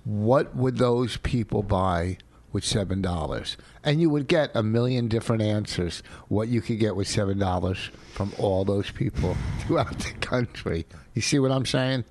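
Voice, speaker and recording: A man's voice: lowish voice, normal speed, a little mellow, a little hiss or hum. Rambling, griping comedian man. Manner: rambling, indignant, comic griping. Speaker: comedian podcast co-host. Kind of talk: casual married-couple banter.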